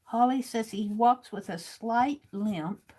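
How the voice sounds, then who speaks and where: A woman's voice: a little high, slow, warm tone. A woman hosting a livestream, reading viewers' comments aloud and chatting casually while she writes. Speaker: livestream host.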